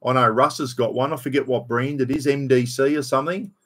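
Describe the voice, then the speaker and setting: A man's voice: medium pitch, fairly even intonation, fairly quick, slightly rough. An Australian man hosting a casual live stream, rambling in a matey way, greeting viewers by name and swearing bluntly. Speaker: livestream host.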